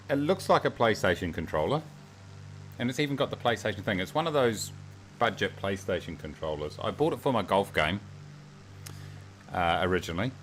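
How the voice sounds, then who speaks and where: A New Zealander streaming a flight sim chats casually in a lowish, somewhat bright voice, rambling, cracking jokes and poking fun at himself.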